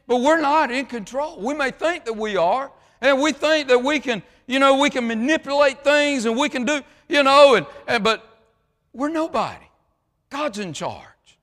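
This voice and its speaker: A man preaching a sermon as pastor, swinging from shouts down to hushed asides with many fillers. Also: very high-pitched, moderate pace. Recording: long hall reverb.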